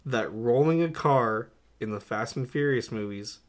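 A man's voice: medium pitch, unhurried. Chatty young man reviewing a movie. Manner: animated, laughs often, lists notes with many "uh"s. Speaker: podcast co-host. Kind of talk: casual movie-review chat.

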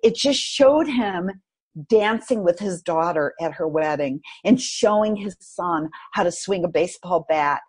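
A woman guest on a podcast, telling a personal story in an animated, expressive way. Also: on the low side, measured pace, husky.

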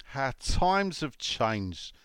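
A man's voice: mid-range voice, big pitch swings, extremely slow, a bit bright, smooth, no room sound, studio quality. Rambling, joking man hosting. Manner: rambling, joking, many fillers and restarts. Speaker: podcast host. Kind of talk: casual chat, reading out listener comments.

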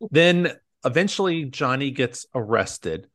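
A man's voice: mid-range voice, very animated, slow pace, a bit bright. A man co-hosting a podcast, recapping a movie in loose casual chat, full of "like" and acted-out quotes. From United States. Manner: rambling, many "like"s, acts out quotes. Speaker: podcast co-host.

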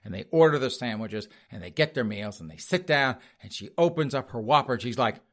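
Sarcastic male host, very lively pitch. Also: fairly quick. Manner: sarcastic, addresses audience as folks, laughs often. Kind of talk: comedic news commentary monologue.

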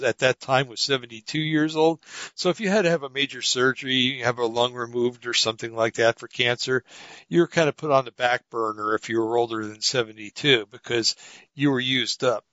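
A man's voice: mid-range voice, brisk, sharp tone, dry recording. A man co-hosting a talk show, chatting casually about politics and rambling through stories with many fillers and restarts. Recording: dull lo-fi audio.

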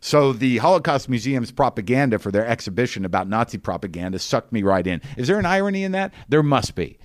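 A man hosting a podcast, telling a rambling, incredulous comic story with quick restarts. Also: medium pitch, very animated, dry recording, clean studio sound. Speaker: podcast host.

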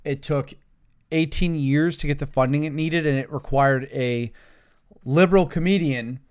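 A man's voice: a little high, normal speed, clear, resonant tone. A man from the United States, a recurring guest on a casual podcast, joking around and then turning earnest.

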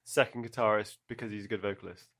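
A man's voice: on the low side, steady tone, quick pace, a bit bright. A man co-hosting a drunken chat podcast, laughing and mocking himself. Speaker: podcast co-host. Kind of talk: drunken casual banter.

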